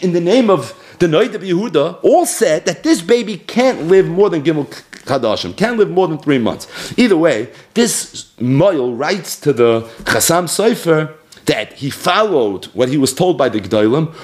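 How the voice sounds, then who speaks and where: A man giving an animated Torah lecture on rabbinic responsa, telling the story with chuckles. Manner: animated storytelling with chuckles, lively pitch swings. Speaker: Torah teacher.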